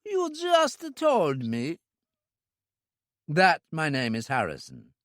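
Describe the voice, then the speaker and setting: A man's voice: on the high side, huge pitch swings, a bit bright, no echo, studio quality, voice pushed up, full character voice. A man voicing a small, fat, frightened club owner with a thick voice in an audiobook. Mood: fearful. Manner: pleading, panicky, drawn-out. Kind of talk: audiobook character reading.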